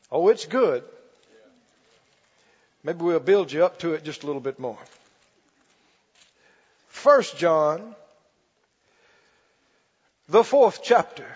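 A man preaching a sermon as pastor, stretching key words slowly and calling for the congregation to respond. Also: high-pitched, breathy edge. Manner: preaching with call-and-response, slow emphatic stretches. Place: church. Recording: muffled recording in a reverberant church hall.

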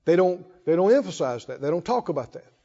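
A man with a high, very animated voice and a dark tone preaches fast and folksy, calling out to his congregation. The sound is muffled by the reverb of a church hall.

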